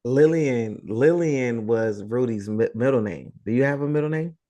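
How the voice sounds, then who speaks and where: A man's voice: medium pitch, moderate pace, warm tone. A man with a Northeastern US accent, co-hosting a podcast in casual chat, full of "like" and "you know". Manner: laid-back, lots of "like" and "you know". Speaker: podcast co-host.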